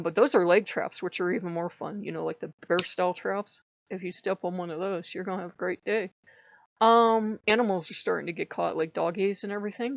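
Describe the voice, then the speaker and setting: A woman's voice: lowish voice, dry recording. A woman hosting her own channel, telling a personal story in a rambling, emotional way with lots of fillers. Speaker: channel host. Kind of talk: casual personal vlog. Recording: dull lo-fi dry recording.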